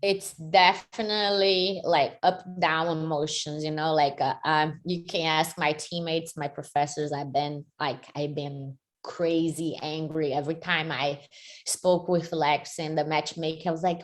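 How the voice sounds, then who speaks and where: Energetic woman in her thirties. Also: sits low, measured pace. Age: 30s. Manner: energetic, frequent "like" fillers, second-language phrasing. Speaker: MMA fighter and jiu-jitsu athlete. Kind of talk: interview answers.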